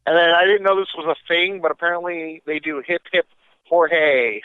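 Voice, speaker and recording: A man co-hosting a podcast in casual chat, an easygoing storyteller with quick comebacks, heard over a tinny phone-like line. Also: a little high, steady tone, clean tone, no room sound. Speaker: podcast co-host.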